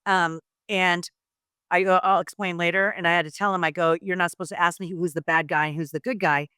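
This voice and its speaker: A woman's voice: lowish voice, fairly even intonation, a little fast, sharp tone, clear, resonant tone, dry recording, clean studio sound. A middle-aged woman, a retired wrestler and guest on a podcast, chatting casually and telling rambling stories full of quoted voices. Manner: rambling storyteller who acts out quoted voices. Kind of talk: casual chat.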